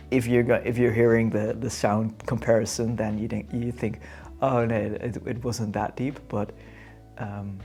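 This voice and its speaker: A young man with a Dutch accent, chatting to camera in English in a hesitant, halting way and searching for words. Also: medium pitch, vocal fry, darkish tone. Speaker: vlogger. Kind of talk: casual chat to camera.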